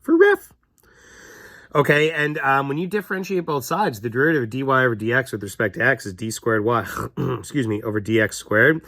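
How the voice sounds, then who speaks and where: Casual male teacher, 30s, chatty walkthrough, thinks aloud, mid pitch. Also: a little fast, few pauses, sharp tone, dry recording, studio quality. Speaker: math teacher. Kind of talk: recorded classroom lesson walkthrough.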